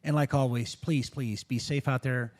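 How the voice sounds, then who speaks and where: A man's voice: medium pitch, steady tone, normal speed, a little mellow. A man hosting a podcast, talking casually and calling his guest "man" and "bro". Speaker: podcast host.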